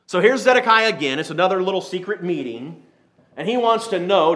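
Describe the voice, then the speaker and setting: A man preaching a sermon, reading scripture slowly and then retelling it in lively everyday speech, acting out the characters. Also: high voice. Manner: switches from slow King James reading to lively paraphrase.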